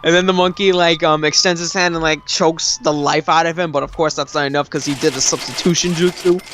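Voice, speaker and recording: Brief: young guy, gaming chat, excitable and rambling, a bit high-voiced, faint hiss behind. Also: brisk. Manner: excitable, rambling, swears, lots of fillers. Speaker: let's play host.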